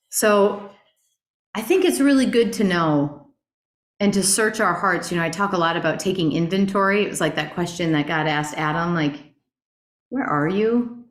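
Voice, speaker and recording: A middle-aged woman teaching a Bible study class in an earnest, animated way, asking her group rhetorical questions. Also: fairly low pitch, moderate pace, pauses often. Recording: roomy echo.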